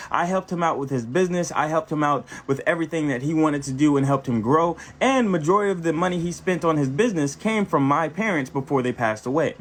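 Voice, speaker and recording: A man reading as a bitter betrayed wife. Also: fairly high pitch.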